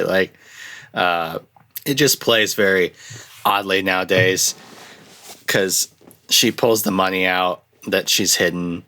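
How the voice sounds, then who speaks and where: A young man hosting a casual film review, rambling and restarting often, with lively jumps into quoted lines. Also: low-pitched, slow pace, pauses often. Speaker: podcast host reviewing films. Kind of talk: casual chat.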